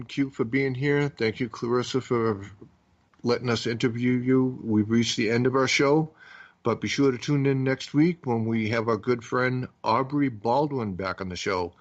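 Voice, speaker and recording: A man hosting a paranormal radio talk show, easygoing and a little halting as he speaks. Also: mid-range voice. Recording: lo-fi internet radio audio.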